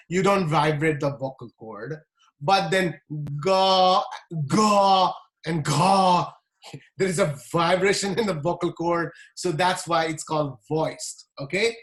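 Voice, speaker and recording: A man teaching a class, sounding out syllables slowly and deliberately. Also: fairly high pitch, a bit bright. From Nepal. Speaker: language teacher. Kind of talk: classroom lesson.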